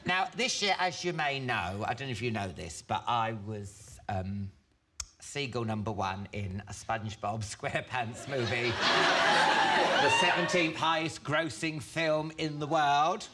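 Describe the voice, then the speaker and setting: A man's voice: mid-range voice, animated, a little slow. An English man hosting a comic chat show, camp, gossipy and exclamatory as he questions his guest. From England. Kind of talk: comic celebrity interview. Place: TV studio with live audience. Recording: noisy studio, loud audience laughter.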